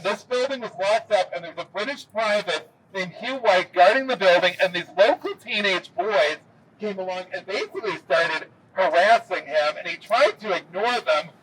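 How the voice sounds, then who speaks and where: A man giving a historical walking tour, telling the story with lively pacing and dry jokes. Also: high voice, moderate pace, slightly rough. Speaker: tour guide. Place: outdoors in a city square. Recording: distant camera mic, faint street noise.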